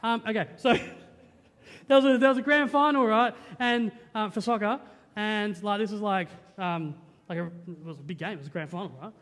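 High-voiced Australian pastor preaching in a reverberant hall. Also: male voice, moderate pace. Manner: lively, joking, conversational, keeps asking "right?". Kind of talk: sermon. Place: church auditorium. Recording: long reverb of a church hall.

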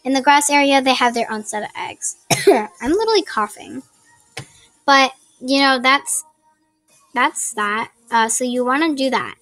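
A woman's voice: sits high, expressive, unhurried, pauses often, fairly bright tone, faint music behind. A woman giving casual gameplay tips, rambling and chatty with apologetic asides, recorded on a laptop mic at a home desk. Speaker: gaming channel host. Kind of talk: casual gameplay tutorial commentary. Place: home desk with ring light. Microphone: laptop built-in mic.

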